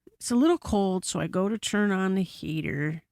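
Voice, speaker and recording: A woman guest on a podcast telling a story in casual chat, animated and full of swearing and asides, recorded in a studio. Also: medium pitch, normal speed, no echo. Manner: animated, profane, frequent asides.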